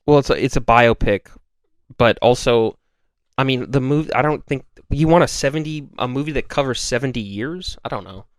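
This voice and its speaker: A man's voice: medium pitch, moderate pace, no echo. Dry-voiced sarcastic man, casual podcast. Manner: sarcastic, argumentative, swears freely. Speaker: podcast co-host. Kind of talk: casual chat.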